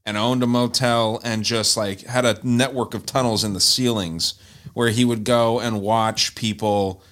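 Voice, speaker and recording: A man's voice: on the low side, steady tone, measured pace, fairly bright tone. A young man co-hosting a podcast, talking in a loose, rambling way and swearing freely. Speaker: podcast co-host. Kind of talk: casual chat.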